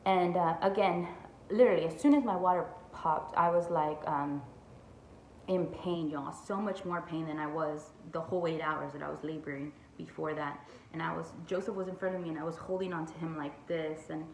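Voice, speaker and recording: A woman's voice: deep voice, fairly even intonation, normal speed, a little mellow, slight background noise. A young woman chatting through a storytime vlog, full of "like" and "y'all". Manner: chatty, says "like" and "y'all" a lot. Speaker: vlogger. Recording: echoey room with faint ambience.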